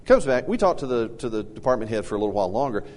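Man, middle-aged, animated storyteller, swooping pitch, casual parenting talk, long reverb. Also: racing. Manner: animated storyteller, acts out quotes with big pitch jumps. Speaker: co-host.

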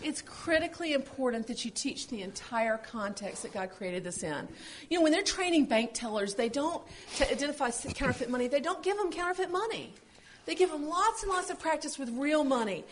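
A woman with a high, lively voice that swoops around a lot, co-hosting a relaxed parenting chat. She tells stories earnestly and expressively. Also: fairly quick, a little hiss or hum. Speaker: podcast co-host. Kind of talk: casual chat about parenting.

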